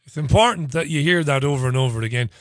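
A man's voice: on the high side, fast, a bit bright, slight background noise. A man hosting a radio show, talking in a chatty, sarcastic, jokey way between stories and listener tweets. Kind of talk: opinionated radio monologue.

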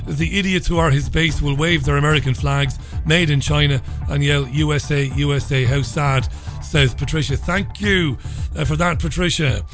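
A man's voice: a little high, a bit bright. A man hosting a live radio talk show in a chatty, upbeat way with rambling asides. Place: radio studio.

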